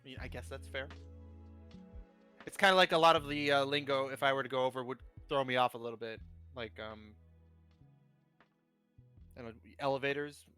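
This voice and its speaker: A man's voice: mid-range voice, fairly even intonation, brisk, pauses often, pushed and bright, smooth, soft background music. A man from North America, a guest on a stream, chatting in a playful, teasing way and laughing often. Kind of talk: casual chat on a live stream.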